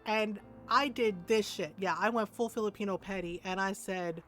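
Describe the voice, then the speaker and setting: A woman's voice: mid-range voice, normal speed, few pauses, soft background music. A woman streaming a game, chatting casually and telling stories with lots of laughter and swearing. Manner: animated storyteller, swears freely, laughs often.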